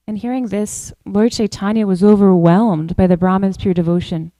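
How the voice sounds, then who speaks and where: A woman giving a devotional class, telling a story in measured phrases and slowing down to stress key words. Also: medium pitch, fairly even intonation, mellow, dry recording, rough recording. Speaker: class speaker.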